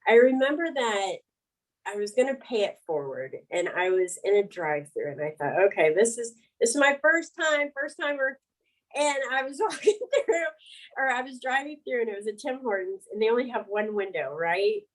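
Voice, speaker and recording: Frank, animated woman telling her story. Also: fairly high pitch, moderate pace, rough recording. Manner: frank, animated, laughs between words. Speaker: interview guest. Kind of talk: candid conversational storytelling.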